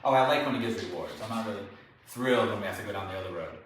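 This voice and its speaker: A man's voice: lowish voice, very fast, background noise. A man working as a dog trainer, explaining the training step by step and often checking in with "okay?" and "all right?". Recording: very echoey, distant mic, faint background.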